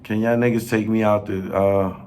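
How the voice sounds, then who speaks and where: A man in a casual rant to camera, pleading and joking, with slang and sudden rises in pitch when he gets worked up. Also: flat delivery, darkish tone. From New York. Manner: slow, pleading, street slang, laughs at own jokes, pitch jumps when worked up. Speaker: filmmaker addressing industry figures.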